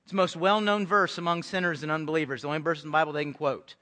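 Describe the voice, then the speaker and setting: A man's voice: fairly high pitch, steady tone, rapid-fire, bright, forceful tone. A man preaching a sermon as pastor to his congregation, earnest and repeating words as he builds to a point. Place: church sanctuary.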